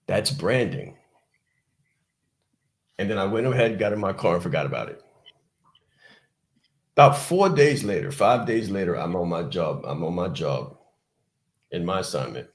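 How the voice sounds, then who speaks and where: A man's voice: fairly low pitch, roomy sound. A man hosting a podcast, telling a motivational personal story in an emphatic, repetitive way and speaking straight to his listeners. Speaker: podcast host.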